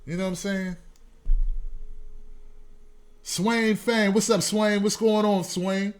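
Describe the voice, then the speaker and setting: Animated high-voiced male stream host. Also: slow pace, clear, resonant tone. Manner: loud, animated, preachy joking asides to viewers. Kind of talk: casual live-stream talk to a chat.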